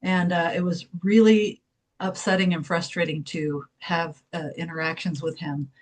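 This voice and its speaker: A woman in an online group telling a personal story, relaxed, laughing lightly and acting out the dialogue. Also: fairly low pitch, normal speed. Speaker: group member. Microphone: video call.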